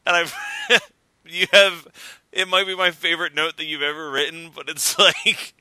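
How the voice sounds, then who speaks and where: A man's voice: fairly high pitch, fairly even intonation, normal speed, bright, forceful tone, clear, resonant tone, no room sound. A man hosting a podcast in casual chat, enthusiastic and laughing often. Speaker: podcast host.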